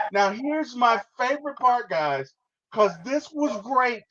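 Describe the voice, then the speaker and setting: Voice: mid-range voice, lively intonation, slow, fairly bright tone, lo-fi sound. A podcast host reviewing a movie, enthusiastic, laughing often and trailing off in restarts.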